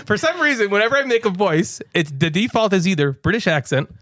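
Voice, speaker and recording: A man's voice: high voice, sing-song, brisk, a bit bright, slight background noise. A man hosting a board game podcast, chatting casually and joking about character voices. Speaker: podcast host. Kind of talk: casual chat.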